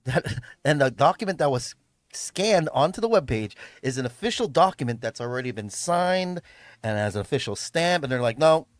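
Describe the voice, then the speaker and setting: Young male streamer, chatty and rambling, lively pitch, dry close mic. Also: normal speed, dry recording. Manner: rambling, many fillers and restarts. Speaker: livestreamer. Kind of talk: casual livestream chat. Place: home room, tidying up.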